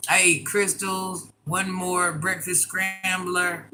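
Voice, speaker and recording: An older woman chatting casually on a live stream, laughing often and breaking into loud exclamations. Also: fairly low pitch, measured pace, few pauses, slight background noise, low-quality recording. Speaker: livestreamer.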